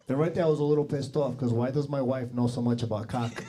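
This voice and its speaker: A man in his forties doing stand-up in a comedy club, brash and profane, needling people in the crowd. His voice sits at an ordinary middle pitch, and he talks into a handheld stage mic. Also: steady tone, quick pace, hardly any pauses, background noise. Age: 40s.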